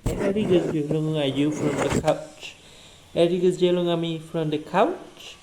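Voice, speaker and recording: Slow, halting man. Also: on the high side, fairly even intonation, heavy background noise. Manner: slow and halting, restarts phrases. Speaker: English learner. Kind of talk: answering practice questions and reading aloud.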